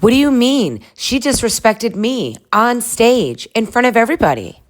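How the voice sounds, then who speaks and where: A woman's voice: fairly high pitch, sing-song, normal speed, voice pushed up. A woman voicing an indignant, dramatic young woman in a comedic reenactment. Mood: outraged. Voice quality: whiny, indignant.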